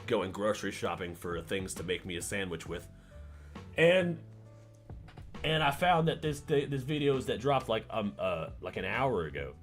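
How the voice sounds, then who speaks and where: A man's voice: on the low side, big pitch swings, moderate pace, soft background music. A man livestreaming and chatting casually with his viewers, rambling, stammering and repeating words, laughing often and getting sidetracked.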